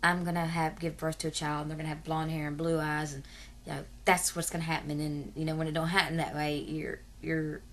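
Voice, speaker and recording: Brisk and barely pausing, a woman in her 30s speaks in a low voice with little pitch movement. She's a vlogger rambling casually to her camera at length, with many fillers and asides.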